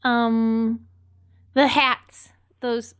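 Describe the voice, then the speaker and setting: A young woman co-hosting a casual gaming podcast, animated and playful, often rambling as she talks. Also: a little high, extremely slow, clean tone. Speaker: podcast co-host.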